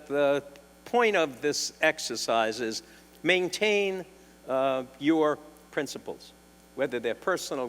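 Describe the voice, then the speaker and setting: A man's voice: a little high, a bit bright. Older New York man telling stories. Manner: anecdotal, wry, with restarts and throat clearing. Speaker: defense attorney speaker. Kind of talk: storytelling talk. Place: lecture hall. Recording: long hall reverb.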